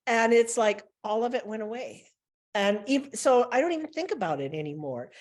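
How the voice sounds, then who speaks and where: A woman on a video call telling a personal story in a reflective, unhurried way, pausing as she thinks. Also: fairly high pitch, lively intonation. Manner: reflective, tells personal stories with pauses.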